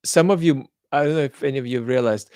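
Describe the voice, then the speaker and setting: A man's voice: medium pitch, fast, darkish tone, no echo. A man with a mid-range voice hosts a live stream, thinking aloud with plenty of ums before landing on blunt judgements. His accent is mixed, with traces of Australian and London. The sound is dry and close. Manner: thoughtful, hesitant with many ums, blunt in judgement. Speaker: livestream host. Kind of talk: live chat commentary reading viewer comments.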